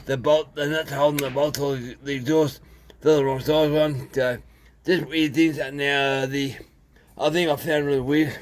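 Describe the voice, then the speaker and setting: A man with an Australian accent, talking casually and haltingly through a chainsaw repair, with many fillers. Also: fairly high pitch, fairly even intonation. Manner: rambling, plain-spoken, halting with fillers. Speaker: small engine repairer. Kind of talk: casual workshop video.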